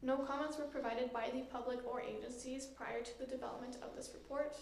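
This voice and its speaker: A woman planner reading a formal staff report in a measured, procedural way. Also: high voice, fairly even intonation, vocal fry. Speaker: municipal planner presenting a report. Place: council chamber. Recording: echoey meeting room with faint noise.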